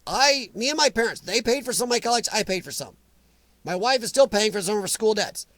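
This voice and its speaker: A man's voice: high-pitched, lively intonation, fairly quick, fairly bright tone, no room sound. An American man hosting a live chat, rambling and emphatic as he answers viewers by name. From United States. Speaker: livestream chat host. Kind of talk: casual opinionated live chat.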